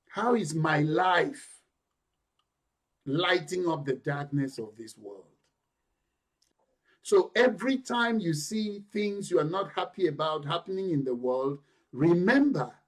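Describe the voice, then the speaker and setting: Slow, high-voiced male preacher. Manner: emphatic preaching with rising intensity. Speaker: pastor. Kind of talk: sermon. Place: church.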